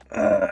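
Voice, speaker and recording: A man with a darkish tone comes through on a lo-fi recording. He's a Californian animation streamer with a Californian accent, chatting casually while he draws and rambling with lots of likes and restarts.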